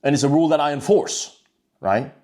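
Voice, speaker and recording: A man's voice: fairly high pitch, fairly quick, mellow. A man talking to camera in a blunt, profane, rambling monologue about discipline, with frequent restarts and filler words. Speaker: self-improvement vlogger.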